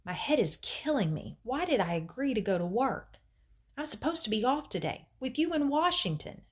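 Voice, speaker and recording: A woman reading aloud voices a stressed, short-tempered mother who grumbles and shouts. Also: on the high side, brisk, close to an everyday voice. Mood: weary, grumpy.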